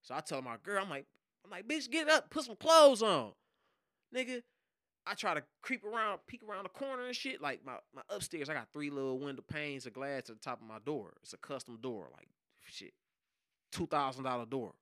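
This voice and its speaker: Animated man telling a wild story. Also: medium pitch, brisk, dry recording, clean studio sound. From Detroit. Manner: animated, slangy, profane, acts out shouted quotes. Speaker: podcast guest, hip hop producer. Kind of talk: casual storytelling.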